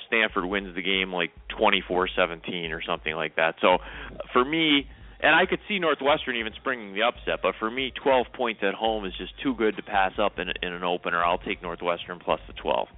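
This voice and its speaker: Low-voiced man on a phone line. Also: animated, a little fast. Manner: talkative, hedging with "I mean" and "you know". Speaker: co-host making picks. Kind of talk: casual sports talk.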